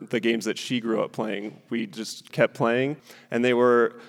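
A man in his thirties from Southern California, performing animated stand-up comedy and then chatting as a guest. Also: medium pitch, a little slow, vocal fry, long reverb tail. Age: 30s. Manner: animated, acts out friends in put-on voices. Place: stage in a hall with a live audience.

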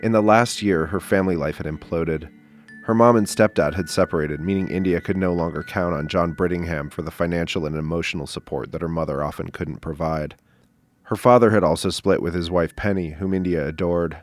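A man narrating a documentary podcast in a calm, matter-of-fact scripted reading. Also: low-pitched, brisk, soft background music.

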